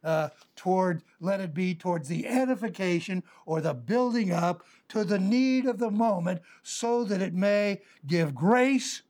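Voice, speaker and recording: An earnest preacher works through a scripture passage verse by verse, pausing to explain the original Greek words. The explanations lean on plain everyday examples, and light chuckles come up now and then. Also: mid-range voice, lively intonation, darkish tone. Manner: explains word meanings with homely everyday examples. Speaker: Bible teacher preaching. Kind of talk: sermon with verse-by-verse Greek word study.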